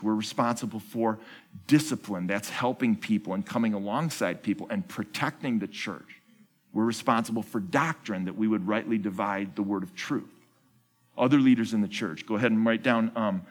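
The founding pastor of a church preaches a sermon in a fairly low-pitched voice. He poses questions to the congregation, answers them himself and repeats key phrases.

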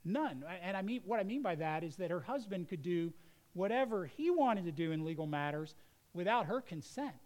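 A man's voice: high voice, lively intonation, normal speed, darkish tone, low-quality recording. A middle-aged male pastor preaching a sermon in an earnest, conversational way.

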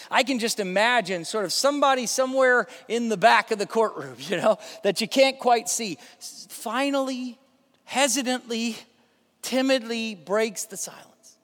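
A male pastor with a notably high voice delivers a sermon in an easygoing, animated manner, peppering his talk with fillers. His voice rings with a long reverb, as in a large church sanctuary. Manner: conversational and animated, with many fillers.

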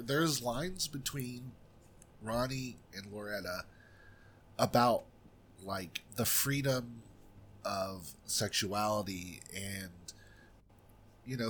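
A man's voice: medium pitch, a bit bright, husky. A man co-hosting a film podcast, chatting casually and giving blunt, opinionated takes on a movie. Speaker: podcast co-host reviewing films. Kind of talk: casual chat.

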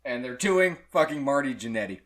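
A man co-hosting a loose podcast chat, his voice bright and swinging widely up and down. He laughs a lot and reads posts aloud in mock-dramatic voices. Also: mid-range voice, lively intonation, a little fast. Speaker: podcast co-host. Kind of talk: casual chat.

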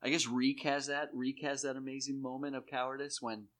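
A man talking in rambling, profane casual chat, jumping into high put-on voices to act out scenes. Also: brisk. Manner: animated, acts out characters in high put-on voices. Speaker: podcast co-host.

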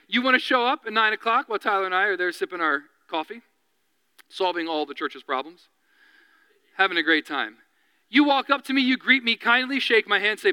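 A man preaching a sermon as pastor, animated, often dropping to a hushed, slow voice. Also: sits high, clear, resonant tone, no room sound, low-quality recording.

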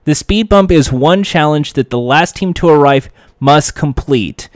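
Animated man riffing on reality shows. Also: a little high, measured pace, dry recording, clean studio sound. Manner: animated, acts out quoted lines. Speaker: reality TV commentator. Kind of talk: casual commentary.

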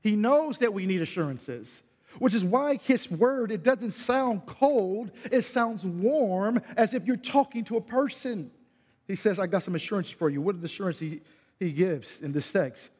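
A male pastor preaching a sermon, often yelling and repeating himself to drive points home. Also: high voice, expressive, moderate pace, husky. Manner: preaching with loud yelling bursts, repeats "listen". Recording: echoey hall.

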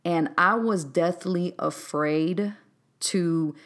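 A woman's voice: fairly low pitch, drawn-out words, a bit bright. A woman from Texas with a Texas accent, hosting a solo podcast in a candid, chatty, unscripted way with easy laughs. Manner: candid, chatty, laughs easily, says "y'all" and "um". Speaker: podcast host.

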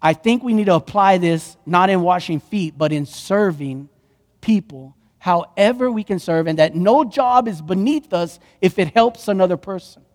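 A man preaching a sermon as pastor, impassioned, swinging from hushed words to loud ones. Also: sits high, lively intonation, moderate pace, big-room sound.

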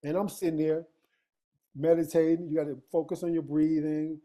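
A man's voice: a little high, level tone, normal speed, mellow. A man telling a personal story in casual conversation, emphatic and street-casual, full of rhetorical questions to his listener. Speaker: guest.

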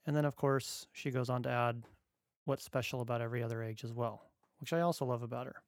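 Wry, earnest dad reading close-up. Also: male voice, mid-range voice, fairly even intonation, quick pace, no echo. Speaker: father reading his own essay. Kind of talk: reading a personal essay aloud.

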